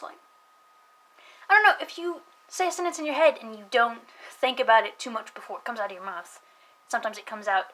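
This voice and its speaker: A woman's voice: on the high side, sharp tone, slight background noise, poor audio. A young woman from the American South, talking casually to camera in a rambling way, swearing often, with many fillers and laughs. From Southern United States. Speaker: vlogger.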